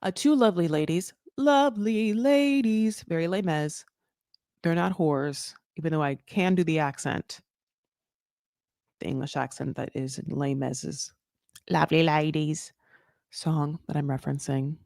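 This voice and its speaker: A woman hosting a casual recap chat, rambling through tangents and correcting herself, with sudden jumps up in pitch. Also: steady tone, normal speed, vocal fry, pauses often, darkish tone, no echo, studio quality. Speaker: recap show host.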